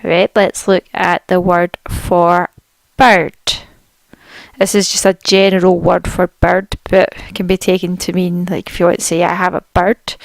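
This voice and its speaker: A woman teaching a spoken language lesson, saying each word slowly and repeating it clearly for learners. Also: fairly low pitch, dry recording.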